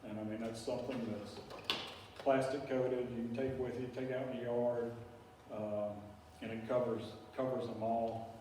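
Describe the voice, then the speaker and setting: A man speaks in a level, mid-range voice at a moderate pace, chatting about plants to a small local audience. He rambles in a folksy manner with plenty of fillers, and the recording has room echo, a distant mic, and faint hiss.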